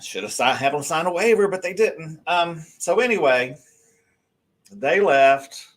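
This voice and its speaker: A man tells a long story as a show guest. He rambles and restarts, animated and lively as he goes. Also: fairly high pitch, a little slow. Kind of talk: casual storytelling on a live show.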